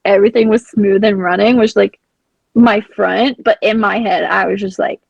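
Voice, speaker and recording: A young adult woman telling a story as a podcast guest, rambling and excitable, with "like" filling nearly every phrase. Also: mid-range voice, moderate pace, creaky, husky, no echo, dull audio. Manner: excitable, acts out her own past panic. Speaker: blind hockey program founder, guest. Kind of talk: casual storytelling in an interview.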